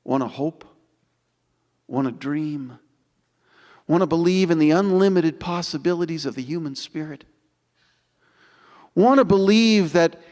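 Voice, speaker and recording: A man in his sixties giving an inspirational storytelling speech, building dramatic repetitions with slow, emphatic pauses. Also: on the high side, a little mellow. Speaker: motivational speaker. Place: large auditorium. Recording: long auditorium reverb.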